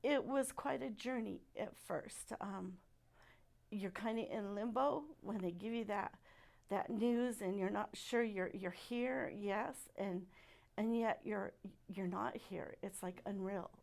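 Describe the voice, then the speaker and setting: A middle-aged woman giving a personal testimony at church, speaking softly and haltingly with many pauses. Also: mid-range voice, vocal fry. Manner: halting and soft-spoken, many pauses and fillers.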